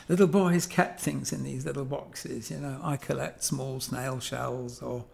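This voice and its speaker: Slow and measured, with vocal fry and a darkish tone, this mid-range male voice belongs to a guest sculptor from England in his seventies. His conversational monologue about objects drifts reflectively, peppered with ums and corrections of himself, and his intonation stays fairly even.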